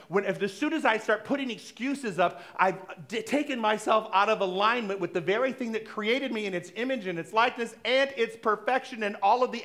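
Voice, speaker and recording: A middle-aged man with a high, light voice preaches to his congregation. He talks in a conversational, playful way and slips into acted-out bits of everyday dialogue. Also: fairly bright tone. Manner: conversational and playful, acting out little dialogues, laughing. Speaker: minister. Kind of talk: sermon. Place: church sanctuary.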